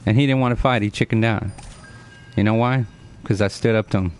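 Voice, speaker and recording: A man's voice: lowish voice, steady tone, a little fast, clear, resonant tone. A man in his forties chatting earnestly to his live-stream audience, lecturing and repeating himself as he answers viewers by name. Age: 40s. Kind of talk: casual live-stream chat.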